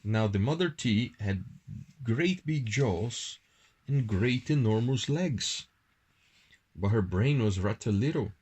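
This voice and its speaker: A man, a parent at home, reading a bedtime story aloud to a child in a slow, singsong way. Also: mid-range voice, lively intonation, darkish tone, breathy edge.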